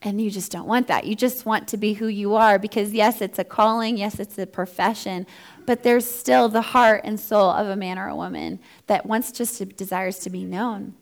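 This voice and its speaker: A woman's voice: mid-range voice, fairly even intonation, moderate pace, creaky. A woman in her thirties, founder of a ministry for first responder families, giving an earnest, heartfelt personal testimony. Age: 30s. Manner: earnest, heartfelt, acts out quoted dialogue.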